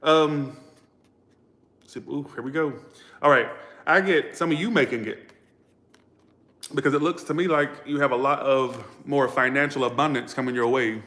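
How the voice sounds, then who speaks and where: A man's voice: mid-range voice, normal speed, pauses often, bright, forceful tone. A man reads tarot cards in a loose livestream style. He is outspoken and foul-mouthed, and he talks straight to his viewers. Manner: blunt, profane and outspoken. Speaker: tarot reader. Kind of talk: casual livestream tarot reading.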